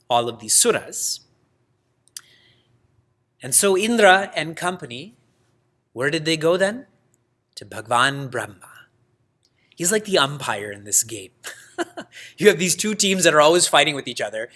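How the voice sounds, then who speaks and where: A man teaching a religious class in a lively way, asking his students questions and laughing often. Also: on the high side. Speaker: spiritual teacher.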